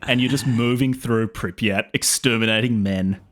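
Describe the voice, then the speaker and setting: A man's voice: medium pitch, steady tone, normal speed, fairly bright tone. An Australian man co-hosting a podcast, trading dry jokes and then reading history quotes steadily. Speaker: podcast co-host. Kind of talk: casual chat and history reading.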